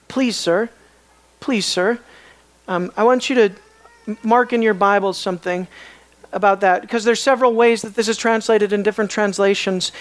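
Bible teacher questioning a class. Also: medium pitch. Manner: questioning, emphatic, pauses to ask the class. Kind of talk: Bible study lecture.

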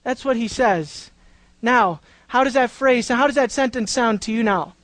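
Woman, sermon, high voice, dry close sound, emphatic, quizzes the congregation. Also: moderate pace, dry recording, poor audio. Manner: emphatic, drawing out key words, questions to the congregation. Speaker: preacher. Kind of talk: sermon, Bible teaching.

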